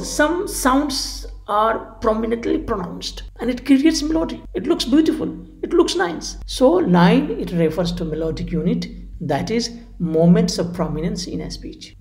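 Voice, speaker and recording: A woman's voice: fairly low pitch, a little mellow. A woman lecturing on phonology, explaining patiently and repeating each definition and example. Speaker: English language teacher. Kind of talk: recorded classroom lecture. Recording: echoey room.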